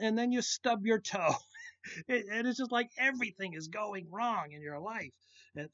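Guy pastor doing a little devotional talk, says stuff twice, kinda muffled audio. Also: on the high side. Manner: repeats key phrases for emphasis. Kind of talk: devotional sermon.

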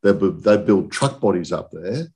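A man's voice: low-pitched, expressive, moderate pace, warm tone. A man in his sixties, a podcast guest telling long, rambling stories about his working life and often checking in with "okay?". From southern England. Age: 60s. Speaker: guest, industry chief executive. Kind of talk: casual podcast chat.

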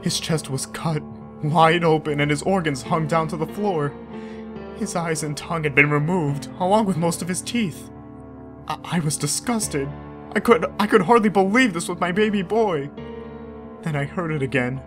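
A man's voice: on the high side, normal speed, lightly acted. Man voicing a distraught, shaken young mother. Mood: horrified. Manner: breathless, shaken storytelling with emotional outbursts. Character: distraught young mother, grief-stricken, terrified. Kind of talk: scripted horror story narration. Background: background music.

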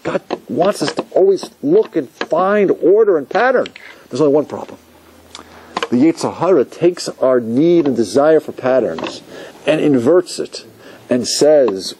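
Rabbi guy giving a class, voice swings all over, mellow tone, faint noise behind. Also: fairly high pitch, moderate pace, poor audio. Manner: animated storytelling, asks the audience questions, acts out quotes. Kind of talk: lecture to a class.

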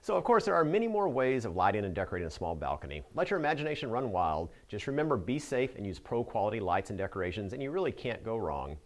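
A man's voice: on the low side, very animated, fast, hardly any pauses. A man narrating a scripted how-to as a Christmas lighting expert answering a viewer question, with an upbeat instructional delivery.

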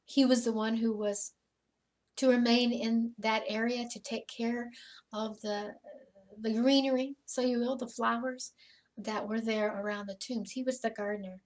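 A woman in a church service playing a joyful, grieving disciple who has just seen her risen teacher, telling it in first person with stammering repeats and soft whispers. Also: fairly high pitch, fairly even intonation, measured pace. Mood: wondering. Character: Mary Magdalene, woman disciple, joyful witness. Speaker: dramatic monologue in a church service. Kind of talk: first-person sermon monologue. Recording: voice from some distance off the mic.

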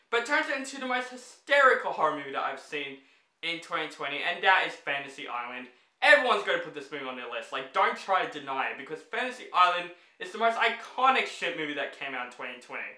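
Guy ranting about bad movies, high bright voice, fed up, kinda echoey room. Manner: exasperated, blunt, swears freely. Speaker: movie reviewer.

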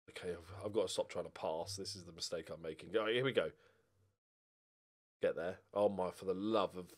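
A man giving casual commentary over a football management game, muttering and then bursting out in loud swearing. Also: medium pitch. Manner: swears a lot, swings from mutters to angry outbursts. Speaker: gaming YouTuber.

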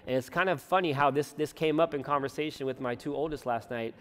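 Male pastor, relaxed conversational sermon with humor, church hall reverb. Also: medium pitch, fast. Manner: conversational preaching with joking asides. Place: church sanctuary.

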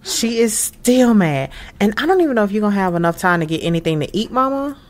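Young woman, casual gameplay commentary, chatty and slangy, lively pitch. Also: rapid-fire, background noise. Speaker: gaming video creator.

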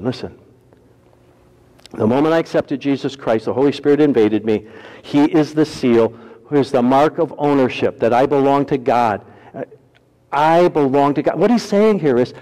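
A man preaching a sermon as pastor, folksy and humorous, swinging between loud emphasis and hushed, quiet lines. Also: medium pitch, in a large hall, poor audio.

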